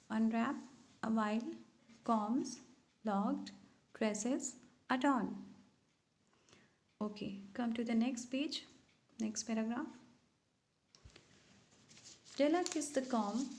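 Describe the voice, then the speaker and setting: Gravelly-voiced woman explaining an English story. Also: on the high side, a little slow, pauses often, darkish tone, echoey room, poor audio. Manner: reads a passage aloud, then restates it in simple words. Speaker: English teacher.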